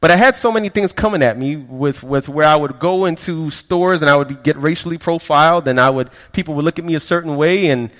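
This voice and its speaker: A man with a slightly high voice preaches a personal testimony, speaking in a loose, storytelling way. He often catches on a word and repeats it before moving on. His voice rings out with a long reverb, as in a large hall. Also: fairly quick, few pauses. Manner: conversational storytelling, frequent stammered repeats, quotes people in quieter voices. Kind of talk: sermon testimony.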